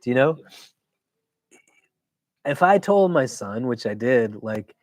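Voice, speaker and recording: A man, an imam, teaching a weekly religious class in a casual, conversational way. He keeps checking in with his listeners and tells stories with quick asides. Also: mid-range voice, dry recording. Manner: conversational, keeps asking "do you know?"; animated storytelling with quick asides.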